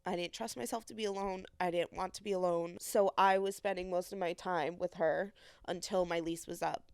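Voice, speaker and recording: A young woman hosts a podcast and tells a personal story in an earnest, conversational way. She often slips into quoting herself and others. Her voice sits at an ordinary pitch and sounds dry and close. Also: gravelly, darkish tone, no room sound. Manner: earnest, emotional retelling, many "I was like" quotes. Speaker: podcast host.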